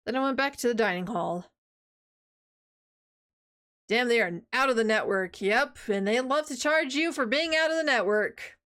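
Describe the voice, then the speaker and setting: A woman's voice: on the high side, moderate pace, pauses often, a bit bright. A woman streamer reading a visual novel aloud and chatting casually, swearing and laughing at herself.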